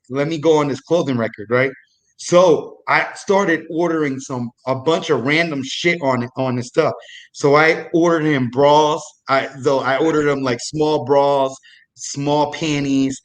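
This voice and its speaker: A young man telling a loose, profane story about his military days on a live comedy show, with frequent restarts. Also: medium pitch. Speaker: guest storyteller, former military supply.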